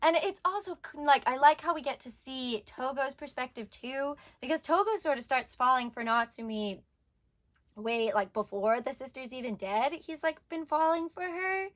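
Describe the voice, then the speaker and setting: A woman's voice: high voice, lively intonation, normal speed, a bit bright. A young woman reviewing a manga in casual chat, rambling with lots of filler words and getting emotional.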